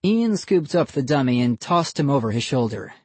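Animated, husky audiobook narrator. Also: mid-range voice, normal speed, dry recording. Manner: expressive, reads every character. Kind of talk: scripted narration.

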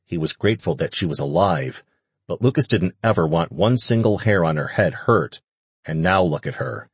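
A man reading a fantasy audiobook in steady scripted narration. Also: low voice, normal speed, husky, no echo.

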